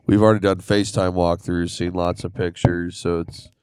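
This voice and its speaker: A man's voice: low voice, level tone, moderate pace, a little mellow, clear, resonant tone. A man co-hosting a faith podcast, talking earnestly in a casual way, laughing easily and restarting his sentences. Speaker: podcast co-host. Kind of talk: casual chat.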